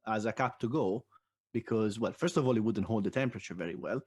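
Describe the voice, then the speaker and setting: A man co-hosting a podcast in casual chat, enthusiastic and a little halting. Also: fairly low pitch, darkish tone, breathy edge. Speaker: podcast co-host.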